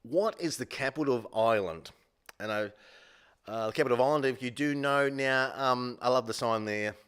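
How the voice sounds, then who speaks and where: A man hosts a live quiz with a middling voice, wandering off track and joking at his own expense. He fills his pauses with plenty of ums and uhs. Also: medium pitch, fairly bright tone, smooth. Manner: rambling, self-deprecating, many fillers. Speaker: quiz show host. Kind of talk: live-streamed casual quiz hosting.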